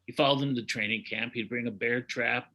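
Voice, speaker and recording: A boxing historian tells anecdotes in a casual chat, acting out quotes with lively energy. His voice is bright and forceful, at an ordinary male pitch. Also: brisk, poor audio. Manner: animated anecdotes with acted-out quotes.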